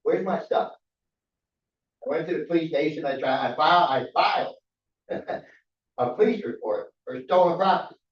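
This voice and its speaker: A man's voice: fairly high pitch, normal speed, pauses often. Aggrieved middle-aged man, distant and roomy. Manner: aggrieved, repetitive, pleading. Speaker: resident giving public comment. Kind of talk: public comment at a council meeting. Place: council chamber. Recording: roomy, distant, dull chamber audio.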